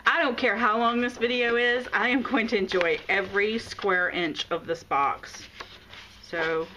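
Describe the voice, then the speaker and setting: A woman's voice: medium pitch, steady tone, unhurried, lo-fi sound. A woman vlogging an unboxing of craft supplies, gushing and exclaiming with delight, gasping and laughing. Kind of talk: excited unboxing chat. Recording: noisy home recording.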